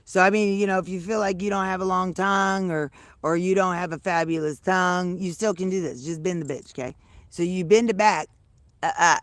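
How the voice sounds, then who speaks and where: Speaking in a fairly low, even-toned voice at a brisk clip, a middle-aged vlogger chats with her livestream audience from a farm. Her talk is relaxed, full of laughter and salty language, with no echo on the audio.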